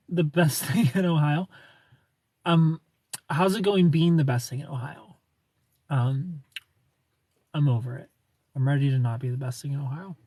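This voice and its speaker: A man's voice: a little high, a little mellow, breathy edge, dry recording. A tired man chatting casually on a live stream, rambling, joking and greeting viewers by name.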